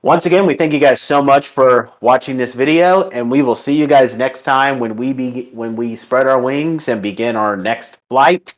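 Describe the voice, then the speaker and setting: A man's voice: medium pitch, normal speed, hardly any pauses. A man hosting a casual podcast, wrapping up the episode with many ums and uhs. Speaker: podcast host. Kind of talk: casual podcast chat and wrap-up.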